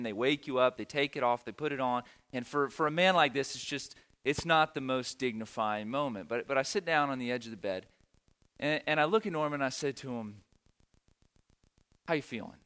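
Earnest pastor, bright voice. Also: male voice, mid-range voice. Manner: earnest, emotional, repeats phrases for emphasis. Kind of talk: sermon storytelling.

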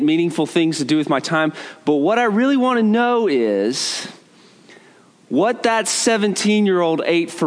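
Man, middle-aged, fairly high voice, humorous storytelling, self-mocking, conversational asides, long hall reverb. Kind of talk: humorous storytelling talk to an audience.

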